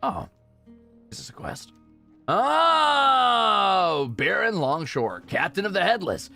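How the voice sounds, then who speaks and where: A man's voice: sits high, very animated, takes it slowly, creaky, pushed and bright, faint music behind. A man from Europe streaming a game, chatting casually in a jokey, self-correcting way.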